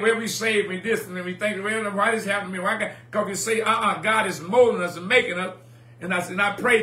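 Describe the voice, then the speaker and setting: High, bright-voiced man preaching. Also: fairly even intonation, quick pace, echoey room. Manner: rhythmic call-and-response preaching, repeats phrases. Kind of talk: sermon. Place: church sanctuary.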